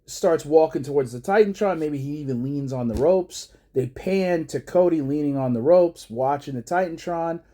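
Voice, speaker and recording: A man casually narrating a wrestling storyline idea in a low-key, unhurried way. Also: mellow. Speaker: fan pitching a wrestling storyline.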